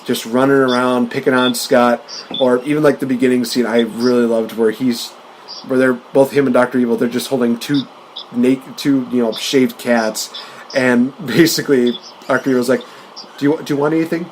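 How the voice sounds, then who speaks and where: A man hosting a laid-back podcast, chuckling his way through movie bits he loves. His voice sits at a plain, middle pitch, with a faint hiss and room ambience behind it. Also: little pitch movement, low-quality recording. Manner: laughs often while retelling comedy scenes; quick to slip into playful quoted voices. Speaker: podcast host. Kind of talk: casual chat.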